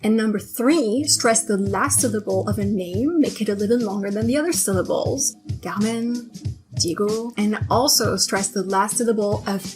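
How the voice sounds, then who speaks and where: A woman's voice: mid-range voice, normal speed, few pauses, over music. French woman with a french accent going over pronunciation tips, upbeat. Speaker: French teacher.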